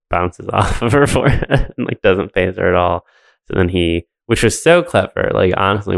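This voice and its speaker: A man's voice: sits low, gravelly, no echo. A man co-hosting a podcast, recapping a film in rambling casual chat full of fillers and laughs. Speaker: podcast co-host.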